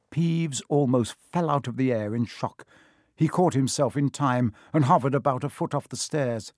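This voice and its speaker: A man narrating a storybook audiobook in a measured, expressive reading. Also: medium pitch, dry recording, studio quality.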